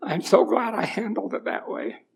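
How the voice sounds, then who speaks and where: With a runny nose, this middle-aged church speaker blends folksy storytelling with scripture in an informal talk. He speaks at a normal speed in a high-pitched, creaky, husky voice.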